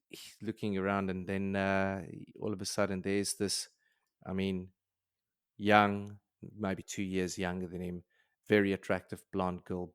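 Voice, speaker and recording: Male podcast co-host, low and dry, rambling casual recap. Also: clear, resonant tone, no room sound. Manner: rambling retelling with restarts and laughs. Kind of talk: casual book-club chat.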